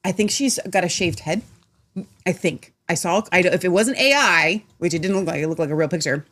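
A woman co-hosting a casual chat show, rambling and animated, sometimes dropping to a low mutter. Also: fairly quick. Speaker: co-host.

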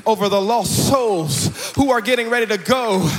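A man preaching a sermon as pastor, building in chanted call-and-response to shouts. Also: sits high, moderate pace.

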